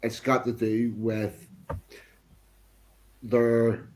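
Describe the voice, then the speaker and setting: A man talking as a guest on a live stream, measured and repeating phrases for emphasis. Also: medium pitch, completely flat delivery, darkish tone. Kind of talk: casual chat.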